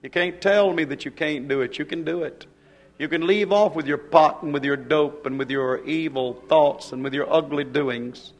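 A man's voice: fairly high pitch, moderate pace. An older man, preaching a fervent, exhorting sermon.

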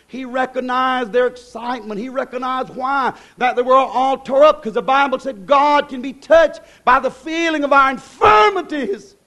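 A preacher man with an unusually high voice delivers a fervent, folksy sermon. He swings from loud shouted exclamations down to hushed, confiding asides and chuckles at his own turns of phrase. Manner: folksy rural speech, laughing at his own lines.

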